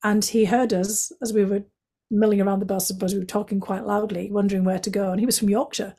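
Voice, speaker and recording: A woman from Northeast England with a Northeast English accent, a guest telling stories from her life in a chatty way, full of "you know" and lively quotes of other people. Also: mid-range voice, quick pace. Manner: chatty, many "you know" fillers, animated quoting of others. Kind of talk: reflective storytelling in conversation.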